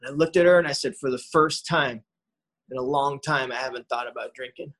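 A man's voice: medium pitch, a little fast, a bit bright, low-quality recording. A man sharing his own recovery story in a conversational way, often adding "man" and "you know". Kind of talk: recovery talk testimony.

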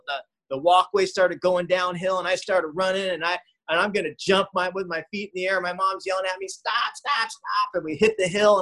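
Man, 40s, recovery meeting speaker, personal storytelling, conversational, frequent restarts, fairly high-pitched. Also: bright, forceful tone, rough recording. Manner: rambling, conversational, frequent restarts and "you know".

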